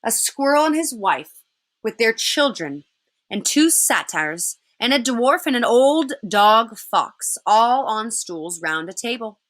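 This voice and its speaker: A woman teacher reading a children's novel aloud in an expressive way. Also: on the high side, slow pace.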